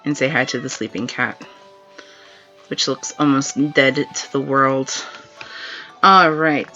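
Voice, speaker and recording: A woman streaming a game live, chatting in a relaxed way and laughing often as she plays, with dull lo-fi stream audio and faint game music behind her. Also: rumbling low, takes it slowly, pauses often. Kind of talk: live gameplay commentary.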